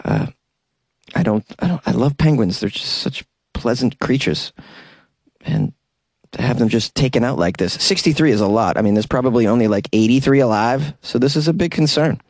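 A man's voice: mid-range voice, very animated, moderate pace, darkish tone, dry recording. A man hosting a comedic news podcast, chatty and joking with wry asides. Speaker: podcast host.

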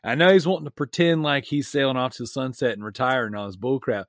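A man's voice: medium pitch, fast, no room sound, studio quality. A man co-hosting a podcast, teasing a friend in loose, joking banter. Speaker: podcast co-host.

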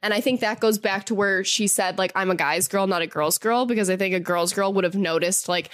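A chatty woman co-hosting a podcast talks casually and laughs often, acting out quotes with a lively middle voice. The sound is dry and close, with no room echo. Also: medium pitch, a little fast. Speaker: podcast co-host. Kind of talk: casual recap chat.

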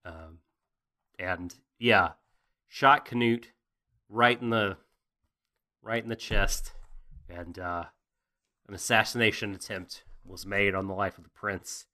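A man's voice: on the low side, fairly even intonation, slow pace, pauses often, sharp tone. A man co-hosting a casual anime recap, jokey, profane and rambling. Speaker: podcast co-host.

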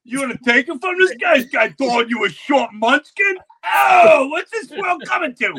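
A man putting on a loud, brash mob-movie tough guy, shouting fast and high. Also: lively intonation, creaky, full character voice. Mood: riled up.

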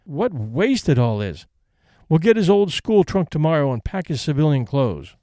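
A brisk, composed elderly lady who is practical and decisive even in grief, read by a male storyteller. The voice sits a little high and sounds close and dry. It could come from an audiobook. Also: no room sound.

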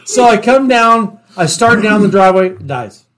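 A middle-aged former police officer tells stories casually and animatedly, often laughing. His voice is high, expressive, and fairly bright, at a normal speed.

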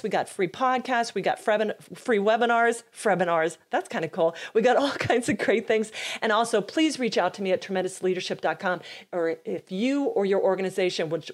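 A woman hosting a leadership podcast, telling a joke in a chatty, upbeat way. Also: mid-range voice. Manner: chatty, upbeat, self-amused. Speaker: podcast host. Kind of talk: casual storytelling talk.

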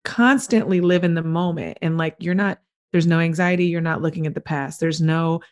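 A woman's voice: deep voice, fairly even intonation, normal speed. A woman hosting a podcast, chatting casually and enthusiastically, often saying "like". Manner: enthusiastic, heavy use of "like". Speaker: podcast host.

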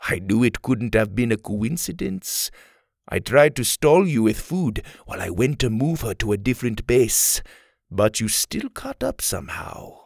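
A man's voice: medium pitch, very animated, unhurried, vocal fry, dry recording, clean studio sound, full character voice. A man voicing a playful, menacing male villain in a children's audio story. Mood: teasing. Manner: teasing, then threatening.

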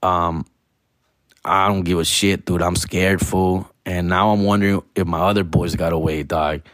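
A man's voice: sits low, flat delivery, moderate pace, fairly bright tone, no echo, studio quality. A man in his forties telling a personal story in casual, profane street slang, tagging lines with fool and dog and slipping into Spanish now and then. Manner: slips into Spanish phrases.

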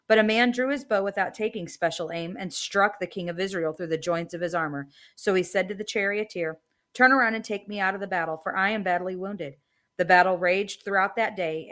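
A woman hosting a Bible reading podcast, reading the text aloud and dropping in brief casual asides, slowing down for quoted lines. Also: fairly low pitch, a bit bright.

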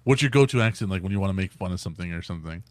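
A man's voice: low voice, expressive, racing, background noise. A man hosting a casual podcast chat, leading the round and swearing freely. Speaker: podcast host.

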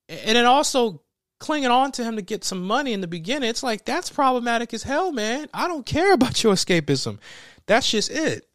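A young man giving a casual, animated spoken film review, emphatic and slangy, swearing freely. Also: high-pitched, no echo, studio quality.

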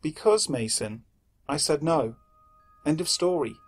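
A guarded mother speaking firmly in a husky, slightly raised voice, as a male narrator reads her. Faint music runs beneath. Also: a little high, animated, unhurried. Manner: firm, guarded. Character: wary, firm mother.

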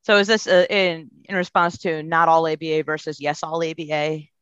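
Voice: medium pitch, flat delivery, moderate pace, fairly bright tone, smooth, dry recording. A podcast guest answers in an earnest, reflective way, working through ideas as they speak. The sound is dull and lo-fi. The recording is dry, with no room around the voice. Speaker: guest, behavior analysis professional.

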